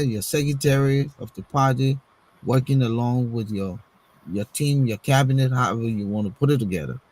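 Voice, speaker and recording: Recorded in low quality, a man with a mid-range, darkish voice argues politics on a talk show. The discussion is casual, and he leans on rhetorical questions, repeating words while he works out his next point.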